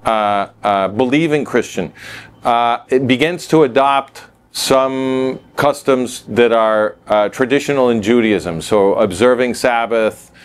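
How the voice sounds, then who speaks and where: A man's voice: medium pitch, slow, smooth. A man interviewing a guest, asking long, thoughtful questions and repeating words as he forms them.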